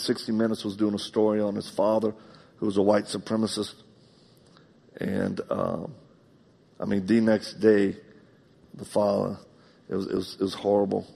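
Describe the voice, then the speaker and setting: A man preaching a live sermon in a church, telling personal stories heartfelt, moving between loud, emphatic bursts and hushed, quiet passages. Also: lowish voice, creaky, slightly rough. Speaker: pastor. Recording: long reverb of a large hall.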